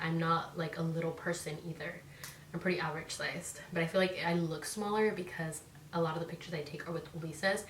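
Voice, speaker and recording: A young woman rambles to her camera in a relaxed vlog, peppering every sentence with "like" and tossing in swear words. Her voice sits a touch low and sounds somewhat distant from the mic. The room around her is echoey, with a faint hum of ambience behind. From Northern California. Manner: chatty, heavy on "like" fillers, swears freely. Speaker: vlogger. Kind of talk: casual chat to camera.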